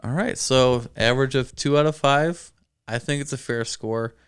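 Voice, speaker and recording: A man's voice: medium pitch, fairly even intonation, normal speed, smooth. A man co-hosting a casual movie review chat, laughing easily as he talks. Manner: chatty, laughs often. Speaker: podcast co-host.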